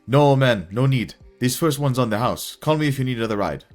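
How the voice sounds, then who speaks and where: A man's voice: mid-range voice, animated, brisk, darkish tone, faint music behind, voice pushed up, lightly acted. A man voicing an easygoing male cab driver with a put-on Jamaican accent, raising his voice above his own for the role. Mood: generous. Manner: friendly, laid-back street talk.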